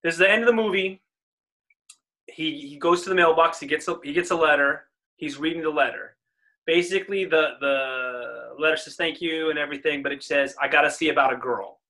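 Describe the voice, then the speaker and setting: A man's voice: fairly high pitch, a little fast. A man in his forties co-hosting a casual podcast chat, talking easily and laughing often. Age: 40s. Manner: chatty, laughs easily, animated retelling. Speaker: podcast co-host.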